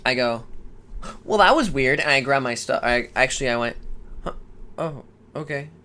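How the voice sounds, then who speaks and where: A man's voice: mid-range voice, moderate pace. A young man co-hosting a podcast, telling stories in a casual way, cursing and acting out the voices of people in them. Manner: animated, swearing, acts out quoted voices. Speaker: podcast co-host. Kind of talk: casual storytelling chat. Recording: faint background noise.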